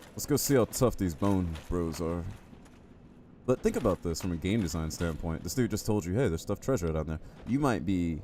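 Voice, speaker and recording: A man's voice: sits low, warm tone, a little hiss or hum. A man streaming a game live, chatty and jokey, reacting to the game and talking to his chat. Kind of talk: live gameplay commentary.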